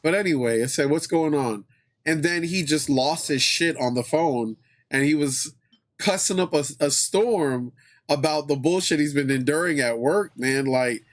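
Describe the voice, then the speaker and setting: A man hosting a live stream, talking loosely with his chat in a voice a little higher than most men's. He keeps it relaxed, swears freely and circles back over the same phrases. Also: normal speed. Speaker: livestream host. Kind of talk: casual chat with viewers.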